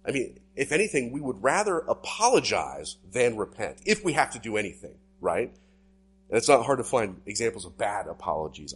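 A male pastor delivering a sermon in an animated preaching style with sweeping swings in pitch. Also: brisk, breathy edge.

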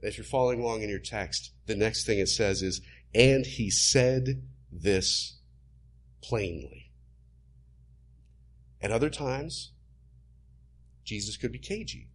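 A man's voice: on the low side, expressive, moderate pace. A man preaching a sermon in an emphatic, teaching manner.

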